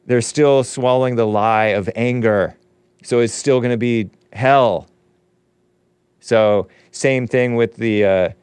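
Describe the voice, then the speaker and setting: A male show host chats loosely to his viewers, reading their comments and breaking into laughter. His voice is smooth and resonant, and the sound is dry with no room echo. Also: fairly low pitch, a little mellow. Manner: rambling, laughs often between comments. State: losing his voice. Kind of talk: casual solo chat reading viewer comments.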